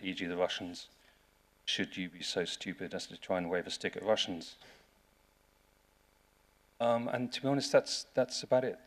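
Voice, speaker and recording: A man's voice: low-pitched, fairly bright tone. A man with an English accent giving a conference talk in a dry, wry way, often restarting his sentences. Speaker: lawyer giving a seminar talk. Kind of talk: conference presentation.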